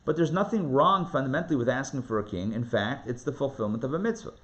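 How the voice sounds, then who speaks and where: A man teaching a live Torah class, reading scripture aloud and acting out the voices in an animated, conversational way. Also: mid-range voice, lo-fi sound. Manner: animated, dramatizes the text with rising voice and quick asides. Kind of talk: lively live online Torah lesson.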